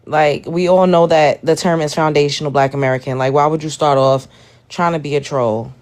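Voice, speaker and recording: A woman's voice: deep voice, fairly even intonation, a little fast, darkish tone. A woman hosting a live stream, reacting to a video and talking straight to her chat in an exasperated way. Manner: exasperated, addresses chat directly. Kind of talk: casual live stream commentary.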